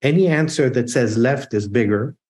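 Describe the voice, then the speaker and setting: Male instructor with a warm, mellow voice, lecturing with emphatic repetition. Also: mid-range voice, moderate pace. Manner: emphatic and repetitive, drills points. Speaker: architecture exam prep instructor.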